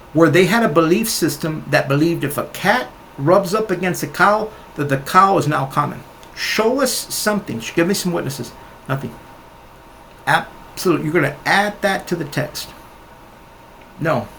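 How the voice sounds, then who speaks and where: A man's voice: on the high side, expressive, moderate pace, gravelly, a bit bright, slight background noise. A man giving rebuttal commentary on a Bible teaching video, argumentative and scoffing, often talking straight at the other teacher.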